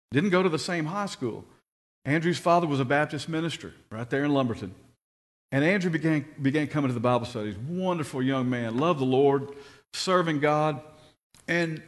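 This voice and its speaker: A man preaching a sermon, telling stories and rising to excited shouts when he quotes people. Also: on the high side. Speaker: pastor.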